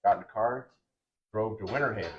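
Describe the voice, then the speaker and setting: An older man, a retired baseball pitcher, telling his career stories in casual chat and acting out the lines of the people in them. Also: quick pace. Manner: animated, acts out other people's lines in quotes. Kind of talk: casual storytelling. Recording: dull lo-fi sound.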